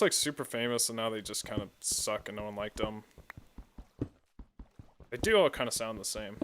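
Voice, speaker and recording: Man streamer from the US, forceful bright voice, excitable, swears a lot, casual game commentary. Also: medium pitch, slight background noise. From United States. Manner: excitable, swears freely, animated storytelling. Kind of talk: casual commentary while gaming.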